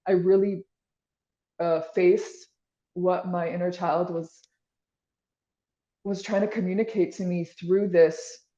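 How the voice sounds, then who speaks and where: A woman's voice: lowish voice, steady tone, takes it slowly, pauses often, warm tone, lo-fi sound. Rambling woman in a roomy recording. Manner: rambling, full of "like" and restarts. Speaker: podcast guest. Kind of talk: casual interview chat.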